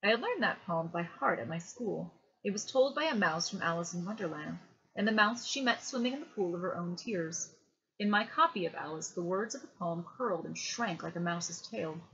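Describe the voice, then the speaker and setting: Woman reading a hushed bedtime story. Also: lowish voice, lively intonation, moderate pace. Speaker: reader. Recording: dull lo-fi home recording.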